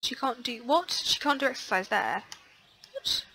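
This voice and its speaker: A young woman chatting casually through a life-sim let's play, excitable, gasping and filling pauses with ums. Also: fairly high pitch, a little hiss or hum, low-quality recording. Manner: chatty and excitable, frequent gasps and fillers. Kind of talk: casual gameplay commentary.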